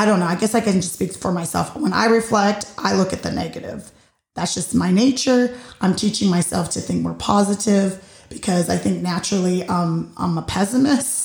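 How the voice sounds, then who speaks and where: Gravelly low woman in an echoey room. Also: a little mellow. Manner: thoughtful, hesitant, with many fillers and restarts. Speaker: podcast host. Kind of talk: reflective casual monologue.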